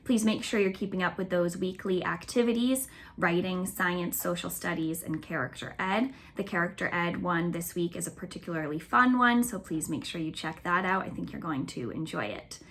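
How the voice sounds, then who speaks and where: A woman with a bright, lower-pitched voice leads a recorded remote lesson for young children. She talks in a cheerful, patient teacher's manner and stretches words out slowly so the kids can hear each sound. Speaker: elementary school teacher.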